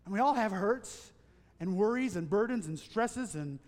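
A man preaching a sermon as pastor, earnest, building into emphatic lists and dropping to hushed asides. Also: high-pitched, expressive, normal speed. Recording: long church reverb.

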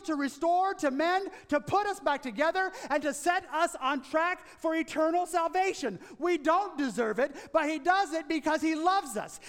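A man's voice: very high-pitched, a bit bright, long reverb tail. A man preaching a sermon with rhythmic, building repetition, then reading a story aloud. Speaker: pastor.

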